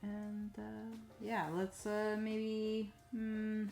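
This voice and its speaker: Woman, casual stream chatter, slow unhurried pace, faint music behind. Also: mid-range voice, monotone, vocal fry. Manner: rambling, self-talk with many fillers, soft muttering asides. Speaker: streaming digital artist. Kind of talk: casual live-stream chat while drawing.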